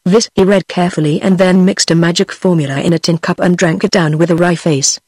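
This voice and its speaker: A woman's voice: fairly low pitch, a little fast, breathy edge, no echo. Synthetic British woman reading a fairy tale. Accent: British English. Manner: even, steady text-to-speech reading. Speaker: audiobook narrator. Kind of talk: synthetic audiobook narration.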